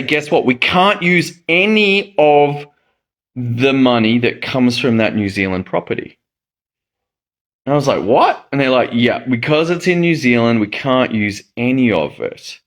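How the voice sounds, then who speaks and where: Animated man telling a story. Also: mid-range voice. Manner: animated storytelling, acting out quoted reactions. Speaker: medical educator and host. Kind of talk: casual monologue.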